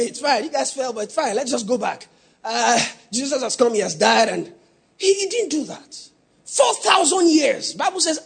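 A man preaching a sermon, teasing the congregation and building to shouted emphasis. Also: very high voice, gravelly. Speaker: pastor.

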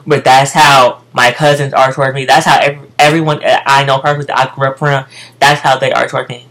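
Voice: mid-range voice, flat delivery, fairly quick, fairly bright tone, low-quality recording. An American speaker telling a casual storytime rant to viewers, profane and emphatic, often repeating phrases. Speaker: vlogger.

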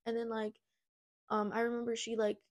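A woman's voice: a little high, monotone, a little fast. A young woman hosting her own podcast, telling a personal story in a candid, rambling way, full of "like" and restarts, and blunt with swearing. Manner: rambling, heavy use of "like" and restarts. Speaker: podcast host. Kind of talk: casual personal storytelling monologue.

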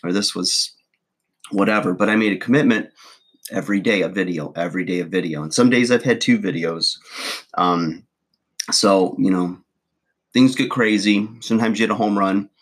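A man's voice: deep voice, moderate pace, breathy edge. A man who trains gym clients, talking casually to camera in a rambling, folksy way while chewing gum. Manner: rambling, folksy, many fillers like "you know". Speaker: fitness trainer and video creator. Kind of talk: casual to-camera vlog talk.

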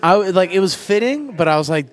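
A young man trading crude jokes in a casual chat, his pitch leaping around with lively swings. He laughs often and keeps the banter loose and irreverent. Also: fast talker, soft background music.

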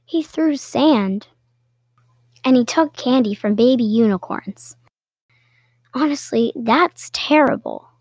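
A woman reading a children's picture book aloud with playful, expressive storytelling and little asides. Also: on the high side, takes it slowly, pauses often, dry recording. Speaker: storybook reader.

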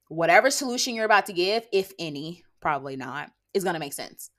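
A blunt, sassy woman in her late twenties hosts a casual monologue podcast, lecturing listeners with rhetorical "okay?"s. Her fairly low voice is expressive, and she is sarcastic, breaking into quick bursts of laughter.

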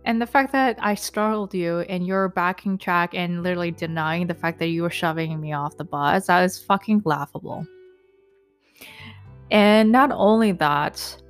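A woman's voice: on the low side, normal speed, clean tone. Indignant woman ranting with faint music. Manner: indignant, profane, lots of fillers. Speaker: vlogger recounting an incident. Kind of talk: casual storytelling rant.

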